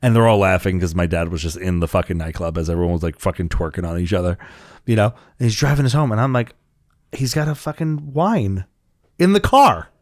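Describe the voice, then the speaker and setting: A man's voice: sits low, quick pace, darkish tone. A young man hosting a podcast, telling a rowdy story in casual, profane chat and acting out the voices of the people in it. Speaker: podcast co-host.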